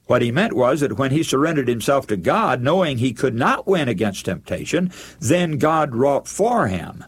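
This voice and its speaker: A male preacher delivers an earnest sermon in a slightly husky voice. His pitch rises and falls freely as he speaks, and he turns to his listeners as friends. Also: big pitch swings, normal speed.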